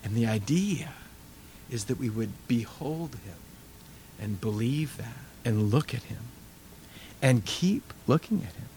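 Middle-aged male pastor, conversational sermon delivery, animated storyteller. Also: mid-range voice, unhurried, pauses often, a little hiss or hum.

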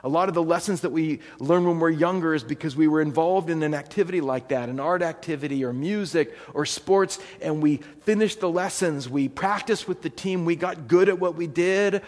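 A man's voice: a little high, brisk, hardly any pauses, a little mellow. A middle-aged man giving a conversational sermon as a pastor, often asking his audience rhetorical questions. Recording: long hall reverb.

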